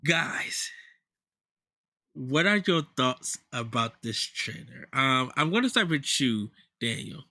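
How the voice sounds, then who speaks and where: Bright-voiced man hosting a podcast. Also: mid-range voice, lively intonation, slow pace, no echo, studio quality. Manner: hesitant, restarts and fillers, leads the talk. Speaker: podcast host. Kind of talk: casual podcast chat.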